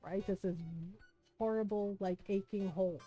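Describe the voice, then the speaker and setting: A woman's voice: medium pitch, normal speed, soft background music. A woman streamer telling a personal story in casual chat, full of "right?" and "like", acting out the people she quotes. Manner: animated retelling, acts out quoted people; many fillers like 'right?' and 'like'.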